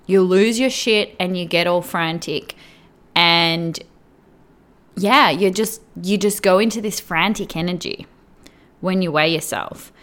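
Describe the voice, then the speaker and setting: A woman's voice: on the low side, a little slow, a bit bright. A woman coach giving earnest direct advice to the viewer, often checking in with "right?" and "okay?". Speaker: weight-loss coach.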